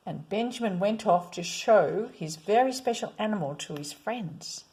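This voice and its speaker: A woman reading a children's picture book aloud, expressive, at times dropping to a whisper. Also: mid-range voice, moderate pace, hardly any pauses, slightly rough. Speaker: storyteller.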